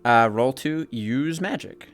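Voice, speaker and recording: A man's voice: mid-range voice, lively intonation, slow pace, faint music behind. A man narrating as game master. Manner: descriptive, vivid narration.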